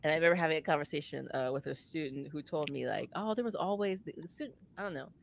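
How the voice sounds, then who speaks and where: A woman telling a story in casual chat, animated and laughing often as she acts out the voices of the people she quotes. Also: deep voice, fast talker, vocal fry. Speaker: former campus advisor.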